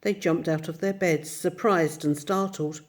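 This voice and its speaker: A woman reading a children's story aloud as narrator, steady and expressive. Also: lowish voice, unhurried. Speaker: audiobook narrator.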